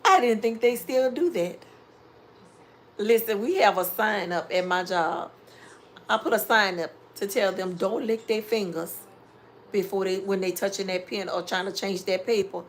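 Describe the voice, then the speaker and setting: A little hiss or hum sits under this medium-pitched woman speaking at normal speed. A middle-aged home DIY vlogger, she's live-streaming casually, reading out comments and offering animated, sermonizing life advice.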